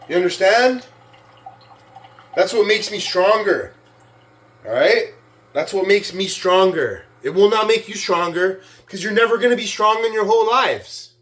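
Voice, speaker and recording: A man's voice: high-pitched, lively intonation, unhurried, a bit bright, reverberant. A man in a casual vlog rant, boastful and taunting, who keeps tagging his sentences with "right?" and "man". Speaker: weightlifting vlogger.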